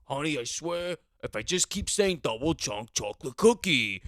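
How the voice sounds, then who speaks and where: A man voicing a stubborn husband who keeps insisting everything will be fine, in a loud, confident tone. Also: on the high side, very animated, normal speed, no room sound, studio quality. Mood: insistent. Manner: insistent, overconfident. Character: deluded stubborn husband, falsely reassuring.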